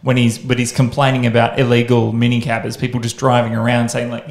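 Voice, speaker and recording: A man's voice: mid-range voice, completely flat delivery, fairly quick. A man hosting a podcast, chatting casually and often restarting his sentences. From Australia. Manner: rambling, restarts sentences, enthusiastic. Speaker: podcast host. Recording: roomy echo.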